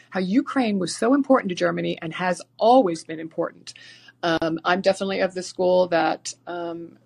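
Woman caller, lowish voice, rambling and excited, lots of ums. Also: creaky. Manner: rambling, excited, many fillers. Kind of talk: call-in talk show.

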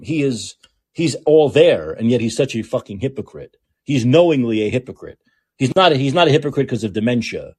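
A man hosting a talk show delivers a heated, profane rant in a husky voice. His pitch climbs and swings widely as he hammers the same points over and over. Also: a little mellow. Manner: heated, profane, repetitive ranting. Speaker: podcast host. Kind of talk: ranting political commentary.

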